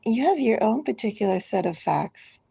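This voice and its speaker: A woman tarot reader talks straight to each zodiac sign, unhurried and musing. Her voice is low and mellow, with a gravelly edge and a husky grain. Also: lively intonation, low-quality recording. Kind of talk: collective tarot reading.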